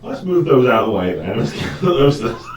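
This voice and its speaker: A man's voice: mid-range voice, big pitch swings, brisk, a little hiss or hum. A man playing a tabletop game, talking through his moves in a matter-of-fact way. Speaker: player. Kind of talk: casual chat at a game table. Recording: echoey room, far from mic.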